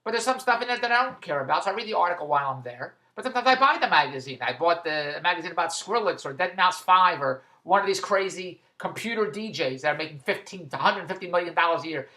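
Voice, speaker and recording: A man's voice: high voice, expressive, quick pace, hardly any pauses, pushed and bright. A man in a rambling monologue vlog, stumbling and restarting as he goes, amused at his own tangents. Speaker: vlogger.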